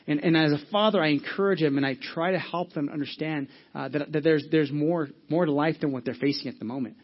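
A man in his thirties preaching a sermon as a pastor, in a conversational way, often repeating words and swinging between loud and soft. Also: fairly high pitch, fast talker, hardly any pauses, lo-fi sound.

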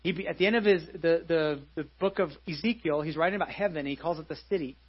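A man's voice: a little high, fast, slightly rough, highs cut off. A pastor in his forties giving a live sermon in a church, conversational, with many restarts and repeated phrases. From United States.

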